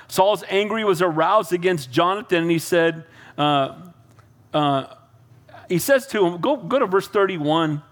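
High-voiced man preaching conversationally. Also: a bit bright. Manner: casual, keeps asking the congregation "Amen?". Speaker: pastor. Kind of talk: conversational Bible-teaching sermon.

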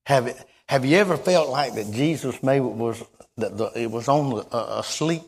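A man's voice: medium pitch, husky. Folksy preacher man. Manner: folksy, halting, repeats himself, rises to sudden loud exclamations. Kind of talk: sermon.

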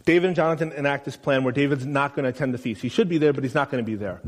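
A man preaching a sermon in a conversational way, asking his listeners questions and loudly acting out the quotes he reads. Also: mid-range voice, very fast. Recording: long reverb of a large room.

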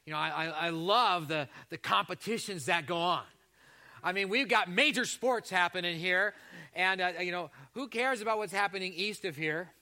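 A man's voice: high-pitched, normal speed, pushed and bright. A man from Canada, a pastor delivering a sermon in a chatty, joking way that teases the congregation. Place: church service before a congregation.

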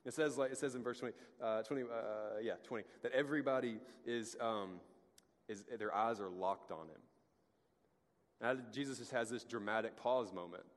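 A pastor giving a casual, conversational sermon, full of restarts and acted-out asides. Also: male voice, medium pitch, normal speed. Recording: long hall reverb.

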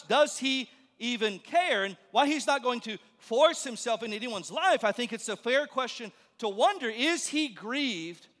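A male pastor preaching a sermon in a church, conversational and joking, then dropping to a hush for emphasis. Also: extremely high pitch. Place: church sanctuary. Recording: long reverb of a large hall.

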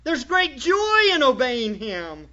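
A man's voice: extremely high pitch, wildly swooping pitch, takes it slowly, bright, forceful tone. A man preaching a sermon as pastor, emphatic and full of rhetorical questions to his congregation. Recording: dull lo-fi church recording.

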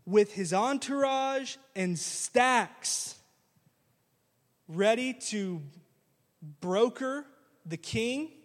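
A man preaching a sermon, retelling a story in lively modern slang and acting out the characters as a pastor. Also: high voice. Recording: long reverb of a large hall.

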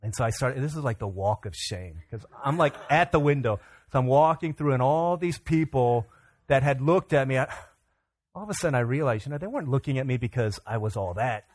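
A man preaching as a pastor, telling a lively personal story during a sermon and acting out the lines of the people in it. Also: medium pitch, a little fast, dry recording. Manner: animated storyteller, acts out other people's lines. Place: church sanctuary.

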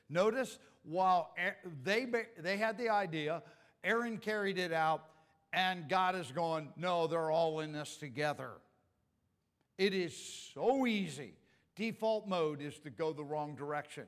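A man's voice: sits high, unhurried, a bit bright, in a large hall. A man preaching a sermon in a casual, joking way, acting out the lines he quotes. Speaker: pastor.

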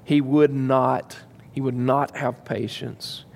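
A man's voice: mid-range voice, flat delivery, slow, gravelly, darkish tone, big-room sound. A man preaching a sermon, emphatic, repeating key phrases and speaking straight to the congregation. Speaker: pastor.

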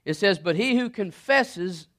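A man's voice: sits high, a little slow. A man preaching a sermon, reading scripture and retelling Bible stories, often repeating words as he builds momentum. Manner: animated, repeats words and restarts, quotes scripture.

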